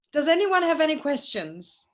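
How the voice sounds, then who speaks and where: A woman's voice: high voice, big pitch swings, unhurried. Woman hosting an online meetup. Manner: warm, moved. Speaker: event host. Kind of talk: moderating Q&A. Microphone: video call.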